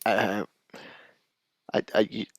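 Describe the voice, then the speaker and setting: A man's voice: on the low side, little pitch movement, slow, no echo. A man playing a tabletop role-playing game, speaking in a hesitant, stammering way. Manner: hesitant, stammering, laughing often. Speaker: player. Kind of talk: casual tabletop role-play.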